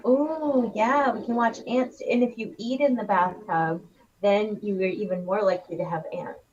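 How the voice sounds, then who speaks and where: A woman co-hosts a casual livestream, riffing on silly ideas with a rambling, giggly manner. Her voice has a breathy, husky edge. The audio is dull and lo-fi. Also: medium pitch, steady tone, unhurried, a little mellow. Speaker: co-host.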